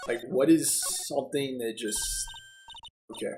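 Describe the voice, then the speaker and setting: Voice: mid-range voice, lively intonation, a little fast, darkish tone, low-quality recording. A streamer reading game text aloud and chatting casually, often laughing at their own reading. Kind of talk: let's play commentary and dialogue reading.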